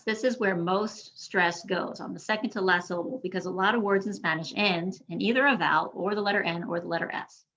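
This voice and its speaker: A woman teaching a pronunciation lesson online, modeling words slowly and deliberately for learners to repeat. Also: medium pitch, sharp tone, dull audio. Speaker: Spanish teacher. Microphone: screen-share recording.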